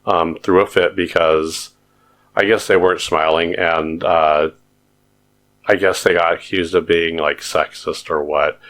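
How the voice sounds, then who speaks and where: A man's voice: deep voice, steady tone, unhurried, a bit bright. A man co-hosting a podcast, telling stories in a rambling, hesitant casual chat. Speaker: podcast co-host.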